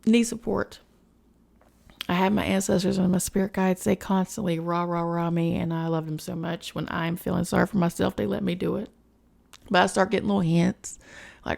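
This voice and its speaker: A woman's voice: lowish voice, little pitch movement, moderate pace, creaky, darkish tone. A woman hosting a spiritual podcast, talking in a frank, emotional personal monologue, swearing freely and chatting with lots of fillers.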